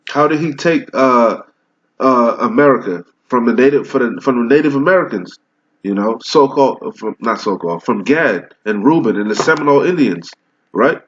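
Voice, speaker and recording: A man in the middle pitch range delivers fiery scripture teaching, firing off rhetorical questions and answering them himself. He slows down to read the verses deliberately. The recording sounds dull and lo-fi. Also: animated, slight background noise. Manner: reads old scripture slowly and deliberately. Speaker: preacher.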